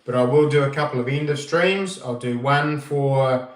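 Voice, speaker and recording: A New Zealand man hosting a casual livestream, greeting viewers by name in a relaxed, easygoing way from an empty room. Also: medium pitch, recorded from a distance. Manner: greets viewers by name, slow and laid-back. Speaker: livestream host. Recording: echoey room, voice a bit off-mic.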